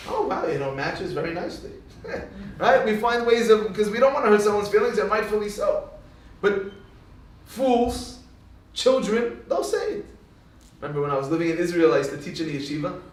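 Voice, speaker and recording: A man with a high voice teaching a Torah lesson, heard from a distance in a very echoey room. He tells stories with energy and briefly acts out the people in them. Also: normal speed. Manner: animated storyteller who acts out quoted speech. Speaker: rabbi. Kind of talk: Torah lecture. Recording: echoey hall, speaker far from mic.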